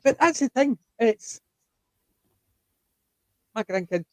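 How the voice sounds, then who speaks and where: An older Scottish man hosting a casual chat, his voice mellow and relaxed. He tells stories in an animated way and acts out the quotes. The sound is close and dry, with no room around it. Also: mid-range voice, normal speed, dry recording, poor audio. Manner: chatty, animated storytelling with acted-out quotes. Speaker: host.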